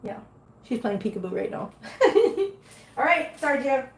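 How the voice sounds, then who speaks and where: A woman's voice: on the high side, expressive, unhurried, fairly bright tone, slight background noise. A middle-aged woman chatting casually on a livestream and cooing baby talk to her cats. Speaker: vlogger reading live chat.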